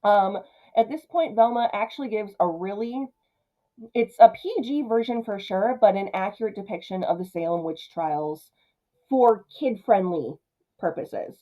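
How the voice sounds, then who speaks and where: A young woman giving casual film commentary, chatty and quick to slip into character voices. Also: medium pitch, mellow, poor audio. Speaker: film reviewer.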